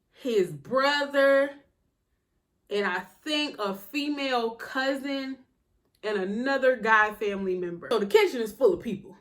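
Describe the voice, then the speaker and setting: A young woman telling a personal story in a casual, slangy, animated way in a storytime vlog. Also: on the high side. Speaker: vlogger.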